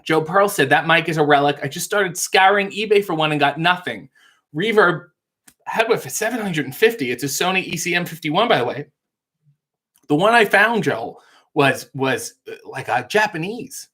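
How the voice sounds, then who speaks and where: Male live-stream host, higher voice, dry deadpan delivery with mock-insulting jokes, reading chat. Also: moderate pace.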